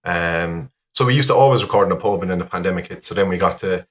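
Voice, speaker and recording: A young Irish man speaks fast in a low voice as a podcast guest. His casual chat rambles, full of fillers and laughter.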